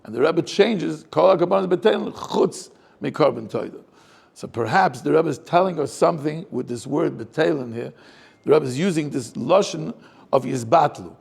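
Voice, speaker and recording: Gravelly-voiced rabbi probing a text. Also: male voice, fairly high pitch, expressive, moderate pace, darkish tone. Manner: probing, asks many rhetorical questions. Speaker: rabbi teaching a class. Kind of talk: Torah class, questioning the text aloud.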